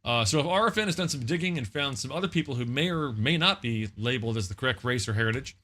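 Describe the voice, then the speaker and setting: A man co-hosting a comedy fake-news segment, slightly tipsy, delivering deadpan satirical anchor patter. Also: medium pitch, fast talker. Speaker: co-host of a comedy news parody. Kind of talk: mock newscaster delivery.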